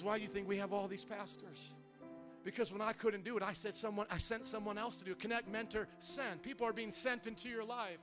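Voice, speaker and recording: A man's voice: high-pitched, steady tone, a little fast. A male pastor in his thirties preaching a sermon in a church, with impassioned, rising prayer and near tears. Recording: music playing under the voice.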